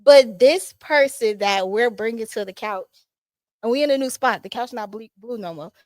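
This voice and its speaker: Excitable high-voiced woman host. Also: normal speed, no room sound. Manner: excitable, chatty, with many fillers. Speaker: podcast host. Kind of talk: casual chat. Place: small studio set.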